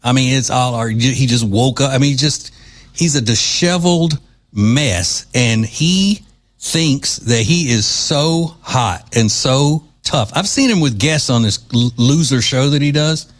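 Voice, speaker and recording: A man's voice: mid-range voice, lively intonation, unhurried. A man hosting a podcast, giving casual opinionated commentary in a mocking, sarcastic manner. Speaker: podcast host.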